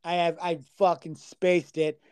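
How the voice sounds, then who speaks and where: A man's voice: on the high side, little pitch movement, unhurried, darkish tone, clean tone, no echo. Upbeat man swearing through sports picks. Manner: loose, swears freely, stumbles over names. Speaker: podcast co-host. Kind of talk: casual sports betting chat.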